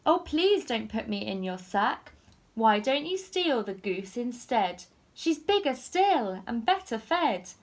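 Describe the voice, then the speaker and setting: A woman's voice: fairly high pitch, sing-song, takes it slowly, pitched above the performer's own voice, heavily acted. A woman voicing a coaxing downy duck in a storybook reading.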